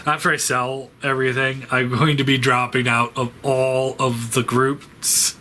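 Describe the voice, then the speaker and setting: A man hosting a toy review channel, talking in a halting, rambling way with lots of fillers and restarts as he says goodbye. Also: mid-range voice, level tone, pushed and bright, a little hiss or hum. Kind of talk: rambling farewell vlog.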